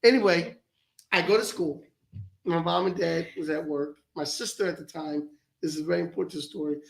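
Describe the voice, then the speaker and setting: A man's voice: a little high, fairly quick, vocal fry, roomy sound, low-quality recording. A man co-hosting a podcast, telling a long personal story and acting out the voices of his family. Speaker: podcast co-host. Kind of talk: storytelling in casual studio chat. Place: podcast studio with live audience.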